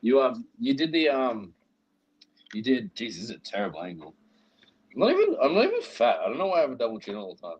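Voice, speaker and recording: Lively, joking man with a muffled mic. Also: medium pitch, fast, slightly rough. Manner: joking, swears freely, teasing. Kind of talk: casual chat on a live stream. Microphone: headphones with mic.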